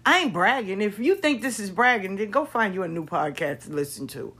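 A woman hosting a podcast, telling stories in a casual monologue, expressive and repetitive, swearing freely. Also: mid-range voice, fairly quick, husky. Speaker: podcast host.

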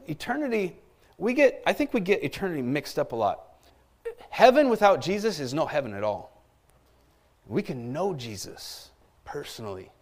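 A middle-aged man preaching a sermon as a pastor, animated, with asides and calls for an amen. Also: on the high side. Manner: animated preaching with asides and call-outs for amens.

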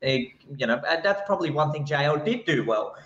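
A man's voice: on the high side, animated, brisk, fairly bright tone. A man appearing as a guest author on a cricket podcast, pressing his point animatedly and repeating himself. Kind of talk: casual cricket podcast chat. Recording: dull, roomy remote audio.

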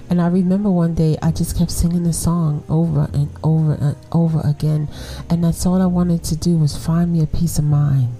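A woman's voice: sits low, dark tone. A woman in her forties with a Brooklyn accent, hosting a podcast and chatting casually to women listeners, often laughing and checking in with "right?". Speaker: podcast host.

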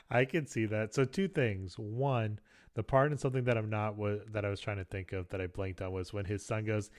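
A man co-hosting a podcast, chatting casually, often laughing and pausing with ums. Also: on the low side, steady tone. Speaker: podcast co-host.

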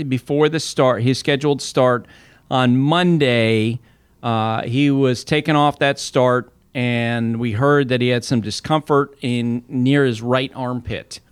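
A man with a smooth, clear voice chatting casually about baseball as an analyst. He tells stories in an easy conversational way, and the sound is dry and close with no room echo. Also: medium pitch, a little slow. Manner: conversational, storytelling with restarts and laughs. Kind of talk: casual podcast chat.

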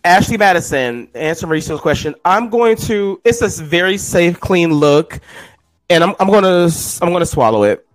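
Chatty slangy man, fairly high voice. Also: expressive, no echo, rough recording. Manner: chatty, slangy, quick to interject. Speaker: podcast co-host. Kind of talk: casual chat.

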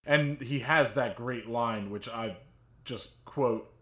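A man's voice: medium pitch, takes it slowly, a bit bright. Rambling casual podcast man. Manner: rambling, filler-heavy. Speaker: podcast co-host. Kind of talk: casual film discussion.

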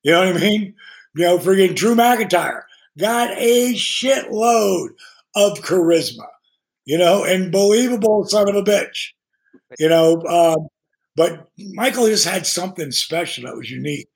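A man with a high, gravelly voice tells stories as a podcast guest. He talks with lots of swearing and animation, slipping into the voices of the people he quotes. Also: expressive, a little slow. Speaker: guest, retired pro wrestler. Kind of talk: profane storytelling podcast chat.

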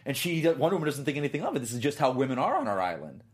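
Guy on a movie panel, rambling and jokey, pitch jumps all over. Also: sing-song, very fast. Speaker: panelist on a movie news show. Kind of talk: casual chat.

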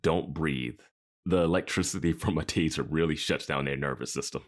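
A man with a very deep voice co-hosts a casual podcast. He chats in a wry, sarcastic way and drops dry jokes. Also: normal speed. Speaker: podcast co-host. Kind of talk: casual recap chat.

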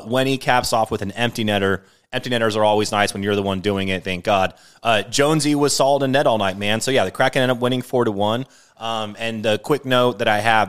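A man's voice: mid-range voice, clean tone. A young man co-hosting a casual sports podcast, laughing, swearing and recapping games. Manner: laughing, swears and acts out mock quotes. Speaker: podcast co-host.

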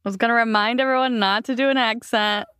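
Young woman co-host, giggly and keen, slightly high voice, dry sound. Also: a bit bright, dry recording. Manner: giggly, enthusiastic. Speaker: podcast co-host. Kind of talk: casual chat.

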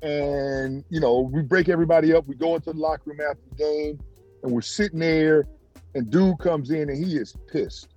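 A former pro basketball player tells stories in a casual interview, animated and leaping up in pitch when imitating others. He speaks at a moderate pace over faint music, and the sound is lo-fi.

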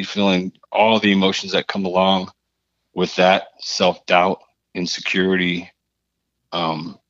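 A man, a podcast guest, telling a personal story in a halting, earnest way, often repeating his phrases. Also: sits low, fairly bright tone, dry recording, muffled recording.

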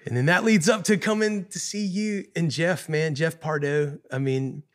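A man's voice: on the high side, fairly even intonation, normal speed, a bit bright. A man, a guest musician, telling a painful personal story in an earnest, emotional way, often repeating himself and saying "man.".

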